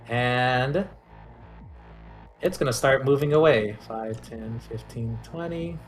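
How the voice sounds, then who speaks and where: A man running a tabletop game as dungeon master, narrating in a relaxed, halting way with many fillers. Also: mid-range voice, soft background music.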